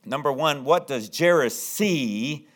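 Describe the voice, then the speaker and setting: A man's voice: a little high, animated, slow pace, a bit bright. A man preaching a sermon who often acts out the pleading voices of the people in his story. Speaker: pastor.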